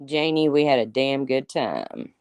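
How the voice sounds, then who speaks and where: A woman's voice: extremely low pitch, huge pitch swings, measured pace, a little mellow, clear, resonant tone, no room sound. A woman hosting a casual livestream, chatting and teasing as she answers viewers by name. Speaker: livestream host. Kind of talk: casual livestream chat reading viewer comments.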